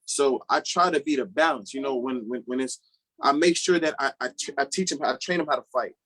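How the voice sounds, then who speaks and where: A man's voice: mid-range voice, fairly quick, fairly bright tone. A man with a Chicago accent, a guest father on a podcast, talking earnestly with many repeated words. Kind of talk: casual podcast interview.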